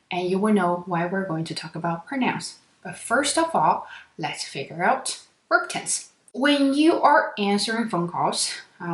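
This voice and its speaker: Woman podcast host giving an English lesson, talks fast and asks listeners questions, recorded in a reverberant room. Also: medium pitch. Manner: fast-talking, lively, addresses listeners directly. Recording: echoey room.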